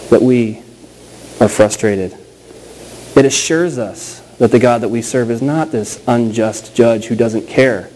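A pastor in his thirties preaching a sermon in a conversational, storytelling way, slowing down and repeating key phrases for emphasis. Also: medium pitch, darkish tone, a little hiss or hum, poor audio.

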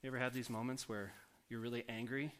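A man's voice: mid-range voice, flat delivery, smooth. Man preaching a conversational sermon. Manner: conversational, asks the congregation questions; slows down and softens for scripture quotes.

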